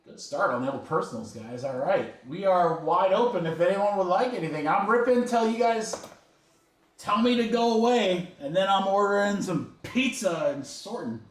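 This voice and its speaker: A man's voice: sits high, expressive, moderate pace, roomy sound. A man hosting a trading card break, rattling off card names with chatty asides to his viewers. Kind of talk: casual livestream commentary while opening packs.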